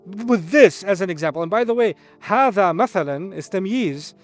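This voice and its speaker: Middle-aged guy lecturing on quran, highish voice, acts out quotes, soft music behind. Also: brisk. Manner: animated teaching, acts out quoted voices, recites Arabic. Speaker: Islamic lecturer.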